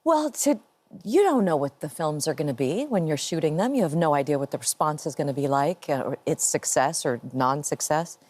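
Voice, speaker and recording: A woman in her fifties, an actress guest giving measured, reflective answers. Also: low-pitched, lively intonation, darkish tone, no echo.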